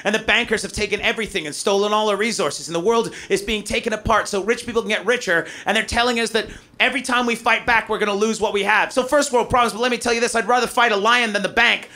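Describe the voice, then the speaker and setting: A man from North America doing a loud, profane, ranting stand-up comedy set on a club stage. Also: high voice, fast talker, few pauses.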